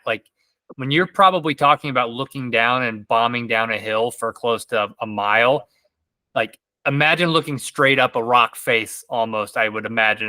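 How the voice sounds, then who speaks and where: Bright-voiced man hosting a podcast. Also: medium pitch, no echo. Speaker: podcast host. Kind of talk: casual interview chat.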